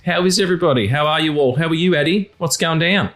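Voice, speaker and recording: A man hosting a podcast in casual, crude, jokey banter, his voice still slightly gravelly after losing it. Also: fairly high pitch, fast talker, hardly any pauses, faint music behind. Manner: animated, crude, jokey, with restarts. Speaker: podcast host.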